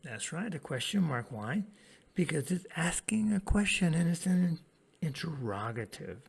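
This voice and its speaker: A man teaching an English grammar lesson to children, prompting his pupils to repeat lines and pausing for their answers. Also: fairly high pitch, gravelly, breathy edge. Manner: lively, sing-song classroom delivery.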